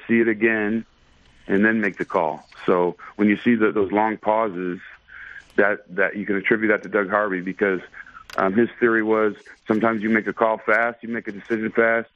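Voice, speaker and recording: Low-voiced man on a phone line. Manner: easygoing, thoughtful, many fillers. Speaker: baseball umpire, interview guest. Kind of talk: casual storytelling in a radio interview.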